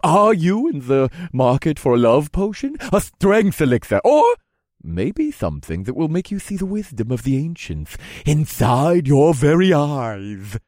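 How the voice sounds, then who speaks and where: A man voicing a boisterous, friendly male potion vendor who gushes a showy sales pitch. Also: very animated, measured pace, dry recording, clean studio sound. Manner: shouting, gushing salesman patter.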